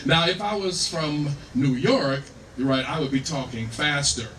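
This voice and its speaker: An American musician from California gives an easygoing, unhurried talk on music between songs at the piano, checking in with his audience by asking "right?". His fairly high, fairly bright voice comes through a distant mic in a live performance room, with roomy sound, piano playing, and slight background noise.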